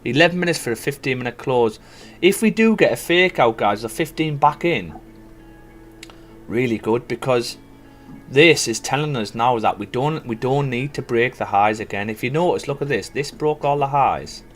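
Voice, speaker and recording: A man's voice: medium pitch, animated, normal speed, soft background music. A man giving casual live commentary as a forex trader, thinking aloud and chatting to viewers. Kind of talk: live trading stream commentary.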